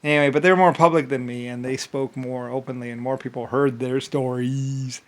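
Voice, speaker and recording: A man's voice: mid-range voice, steady tone, normal speed. A man telling a rambling story in a casual, profane way, full of fillers and laughter. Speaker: channel host.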